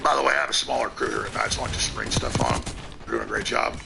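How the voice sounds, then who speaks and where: A man's voice: mid-range voice, very animated, creaky, heavy background noise. A male talk show host ranting emphatically in commentary. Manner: emphatic, rapid, conspiratorial.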